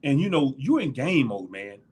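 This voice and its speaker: A man's voice: medium pitch, normal speed, slightly rough. A middle-aged man, a former football linebacker, telling locker-room stories in a casual interview, laughing often and acting out what others said. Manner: animated storyteller, laughs often, acts out quotes. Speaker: former NFL linebacker, guest.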